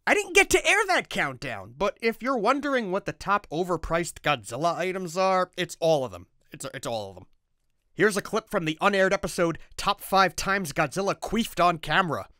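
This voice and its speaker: A man's voice: sits high, big pitch swings, moderate pace, few pauses, sharp tone, no echo, studio quality. A man hosting a comedic toy history show, jokey and exasperated, his voice cracking upward when flustered. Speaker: host.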